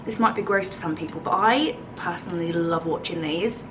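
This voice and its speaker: A woman's voice: on the low side, brisk, distant mic, background noise. A woman with an English accent chatting casually in a home vlog, bubbly and thinking aloud as she tastes food, then tidies the garden. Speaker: lifestyle vlogger.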